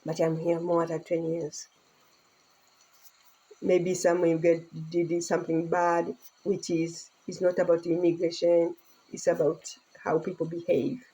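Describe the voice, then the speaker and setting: Middle-aged woman from Tanzania, earnest casual vlog to phone, mellow husky tone. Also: fairly low pitch, monotone, unhurried, poor audio. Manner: earnest, speaking broken English with laughter. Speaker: vlogger.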